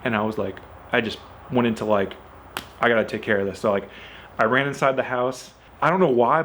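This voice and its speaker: A man's voice: medium pitch, slight background noise. A man telling a story about his car in a casual, chatty way, peppering it with "like" and "you know" and acting out what people said. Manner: animated, acts out quoted dialogue. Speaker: car owner.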